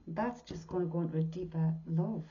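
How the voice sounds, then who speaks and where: A medium in her sixties gives a tarot reading in a voice on the low side, a little fast and dark in tone. She is earnest and heartfelt, often dropping to a whisper, and the lo-fi recording sounds dull.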